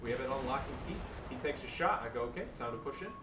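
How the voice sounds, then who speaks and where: A man giving casual, profane, excitable commentary over his own strategy game match, joking and swearing between calls. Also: medium pitch, fast, reverberant, far from the mic, background noise. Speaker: gameplay commentator.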